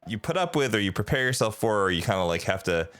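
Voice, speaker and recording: A man's voice: lowish voice, sing-song, quick pace, fairly bright tone, no echo, studio quality. A man hosting a podcast, bantering casually and laughing along with his guest. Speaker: podcast host.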